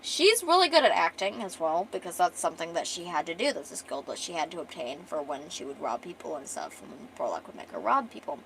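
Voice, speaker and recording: A woman's voice: lowish voice, very animated, a little fast, vocal fry, hardly any pauses, fairly bright tone, slight background noise, low-quality recording. A young adult woman streamer retelling her own story in a casual, rambling way, with restarts and casual swearing.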